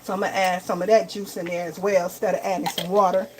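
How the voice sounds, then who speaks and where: A woman's voice: lowish voice, little pitch movement, fast talker. Chatty woman cooking over sizzling pans. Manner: chatty, keeps calling viewers y'all and baby. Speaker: home cook and vlogger. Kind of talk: casual live cooking vlog. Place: home kitchen. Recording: kitchen recording with loud sizzling noise. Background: frying and sizzling in the pan.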